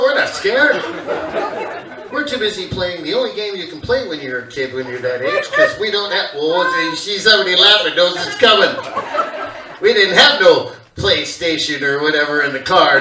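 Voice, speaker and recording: A man's voice: high voice, expressive, normal speed, a crowd in the background. A man doing stand-up comedy on a theater stage, telling a family story and acting out his relatives. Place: theater stage with live audience. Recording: echoey theater recording from a distance. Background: audience laughing.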